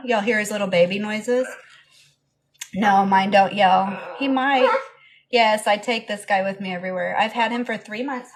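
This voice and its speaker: A woman's voice: medium pitch, normal speed, slight background noise. A young woman chatting casually on a live stream, cooing baby talk to her pet bird between answers to comments. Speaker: parrot owner live streamer.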